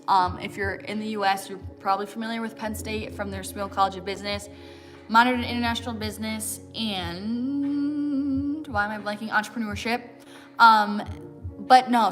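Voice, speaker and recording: With a medium-pitched, fairly bright voice, a young American fitness livestream host in her 20s chats casually with her audience. She answers their questions with plenty of fillers and "like," laughing often along the way.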